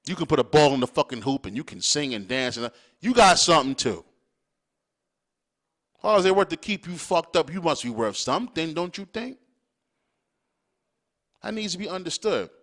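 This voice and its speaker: A man's voice: a little high, sing-song, normal speed, pauses often, fairly bright tone. A man hosting a podcast, ranting bluntly and profanely, hammering his points home with repeated check-ins to the listener. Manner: emphatic, hammering points with "all right?". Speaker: podcast host. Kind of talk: opinionated monologue.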